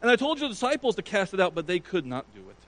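A man's voice: high-pitched, big pitch swings, fast talker, poor audio. A man preaching a sermon, retelling a scripture story with earnest emphasis. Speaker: pastor.

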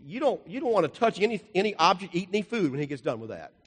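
Older male preacher, folksy, rambling, very lively pitch, slightly high voice, long hall reverb. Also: fast talker, slightly rough. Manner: folksy and rambling, with jokes and asides. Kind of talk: sermon with slide illustrations.

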